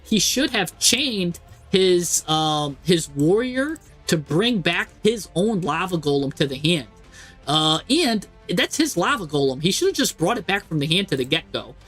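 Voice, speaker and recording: Male streamer, high-pitched, live play-by-play, exasperated and animated, faint music underneath. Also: a little slow, breathy edge. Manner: exasperated, animated, talks to the screen. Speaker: streamer commentating a card game. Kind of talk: live game commentary.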